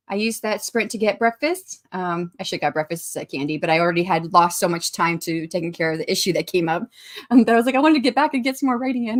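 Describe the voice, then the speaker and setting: Woman in her 40s running a chill writing stream, chatty, says hi to everyone in chat, average pitch. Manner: chatty, greets viewers by name and reads out chat. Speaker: livestream host. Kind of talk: casual livestream chat.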